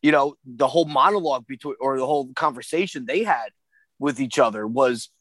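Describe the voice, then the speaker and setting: A man's voice: mid-range voice, fairly quick, a bit bright, no echo. A man co-hosting a casual film podcast, rambling with stammered repeats and casual swearing. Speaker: podcast co-host.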